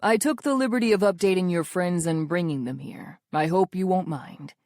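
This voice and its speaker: A woman's voice: lowish voice, moderate pace, darkish tone, dry recording, studio quality, natural voice. A woman voicing a formal, polite male servant who speaks with courteous phrasing in an audiobook. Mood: apologetic.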